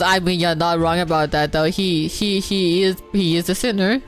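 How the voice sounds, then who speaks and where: A woman streamer giving casual, excitable game commentary, swearing and laughing often. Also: medium pitch, measured pace, few pauses, faint music behind.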